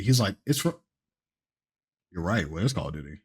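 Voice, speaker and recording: A man co-hosting a casual podcast chat, talking in an animated way that sometimes drops to a mumble. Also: mid-range voice, a little fast, breathy edge. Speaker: podcast co-host.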